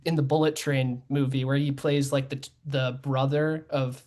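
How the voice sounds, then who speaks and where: A young man co-hosting a podcast chats loosely about films in a medium-pitched, slightly mellow voice at normal speed. His delivery is flat, rambling, and full of fillers and self-corrections.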